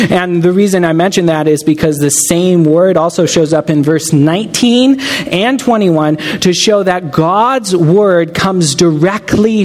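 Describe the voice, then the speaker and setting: A man's voice: high-pitched, big-room sound. A man preaching a sermon, earnest and emphatic, making direct appeals to his listeners.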